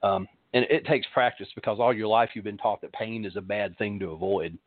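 A middle-aged man, a pastor hosting a show, giving a reflective spiritual talk in a halting way, pausing often and repeating words. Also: fairly low pitch, steady tone, dry recording. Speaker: pastor and podcast host. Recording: dry, narrow phone-like sound.

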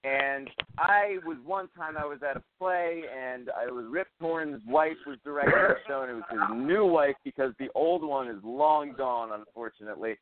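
A man's voice: mid-range voice, moderate pace, hardly any pauses, crowd noise. A man hosting a casual radio show, rambling and joking crudely. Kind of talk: casual banter. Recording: dry tinny phone-like sound.

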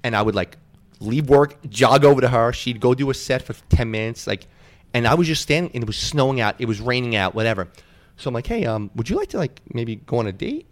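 A man in his thirties hosting a podcast, telling stories in an animated, profane way and acting out the quotes in casual chat. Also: medium pitch, a little fast. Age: 30s. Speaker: podcast host.

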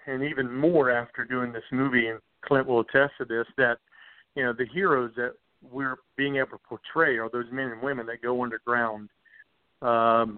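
A man's voice: medium pitch, no echo. A man from Southern West Virginia, an actor talking as a podcast guest in an earnest, heartfelt way. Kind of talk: podcast interview. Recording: tinny phone-like audio.

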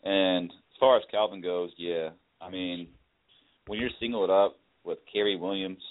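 A man co-hosting a casual sports talk podcast, breaking down plays in an easygoing way. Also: sits low. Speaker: podcast co-host. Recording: tinny phone-line sound.

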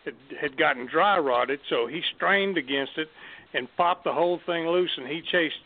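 A man's voice: on the high side, normal speed, dry recording. A man hosting a casual interview, asking curious, rambling questions. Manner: curious, asks long questions. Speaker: host. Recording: tinny phone-like line, dry.

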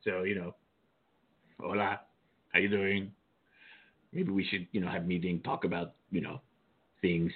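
A man's voice: low voice, little pitch movement, moderate pace, long pauses. A man co-hosting a casual show, reading out rankings with flirty, joking asides. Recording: tinny phone-like line.

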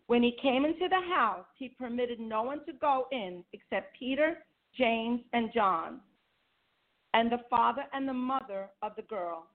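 A woman's voice: a little high, moderate pace. A woman giving a sermon, reading scripture aloud and asking her listeners rhetorical questions. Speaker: women's ministry speaker. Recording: tinny phone line.

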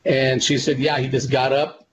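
A man's voice: medium pitch, little pitch movement, normal speed. A man, a psychic medium guest, telling long earnest stories in a casual interview, with frequent fillers and restarts. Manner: rambling, earnest, many fillers. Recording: dull lo-fi with clear background noise.

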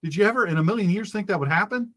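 A middle-aged man hosting a political talk radio show, his voice sitting a little high. He preaches with fervor, jumping up for emphasis and dropping to low, quiet asides. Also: racing. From rural United States.

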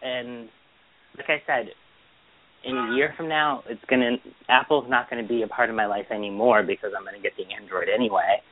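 A man's voice: mid-range voice, fairly even intonation, fairly quick, a little hiss or hum. A man co-hosting a casual chat show, giving blunt, grumbling opinions. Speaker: podcast co-host. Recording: tinny phone-line sound.

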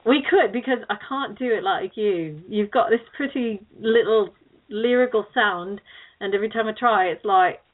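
A woman co-hosting a loose radio chat, talking at an everyday pitch with plenty of laughs and the odd curse. Her voice comes through a thin, phone-like line. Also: normal speed. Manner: rambling, laughs often, swears. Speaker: co-host.

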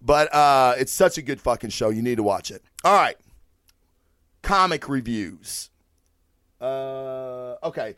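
Profane, animated podcast host man. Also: medium pitch, slow pace, pauses often, no room sound, studio quality. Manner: profane, animated, rambling with restarts. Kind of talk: casual solo podcast rant.

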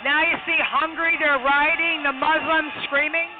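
A woman's voice: sits high, fairly even intonation, normal speed. A woman hosting a show, narrating over a video and listing events emphatically. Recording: tinny phone-like sound with loud music.

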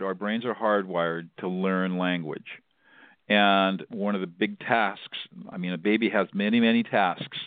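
A low-pitched middle-aged man speaks in an earnest, explanatory way, often repeating words as he restarts his sentences. The sound is dry and narrow, like a phone line. He is a mediator answering interview questions. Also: no room sound. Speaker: mediator, guest.

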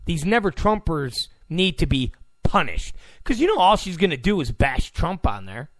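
A combative man hosts a political commentary monologue and hammers his points by repeating them. His pitch is fairly high and swings widely. He talks slowly into a dry, close mic. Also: big pitch swings, fairly bright tone, no echo. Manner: combative, repeats phrases for emphasis.

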